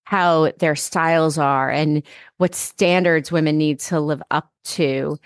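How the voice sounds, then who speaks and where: A woman's voice: low voice, smooth, dry recording. A woman hosting a podcast, chatting with her guest and sharing her own stories. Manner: conversational, asks questions and tells her own stories. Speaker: podcast host. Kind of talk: casual interview. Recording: dry close mic.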